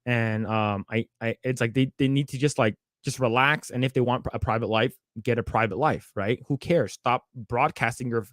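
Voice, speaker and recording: A man co-hosting a podcast, retelling stories in casual chat with lots of fillers and quick put-on voices. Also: mid-range voice, a bit bright, no room sound, clean studio sound. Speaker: podcast co-host.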